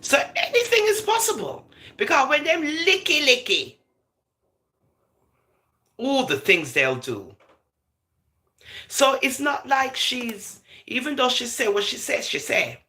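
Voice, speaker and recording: A woman giving lively, laughing commentary to viewers, slipping into patois as she goes. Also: sits high, slow, pauses often. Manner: animated, laughing, patois-flavored gossip talk. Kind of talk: casual live commentary.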